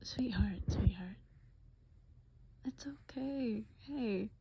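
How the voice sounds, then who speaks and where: A tender young man murmurs pet names in a whispered role-play, as a woman puts him on. He speaks slowly and softly, never raising his voice. The recording sounds dull and lo-fi. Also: fairly high pitch, noisy background. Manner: soft, gentle, affectionate pet names.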